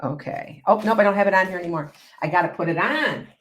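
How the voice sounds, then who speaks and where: A woman's voice: fairly low pitch, fast talker, a bit bright. A woman hosting a psychic podcast, chatting casually and rambling, often repeating herself and answering viewers' comments. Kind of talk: casual live-stream chat.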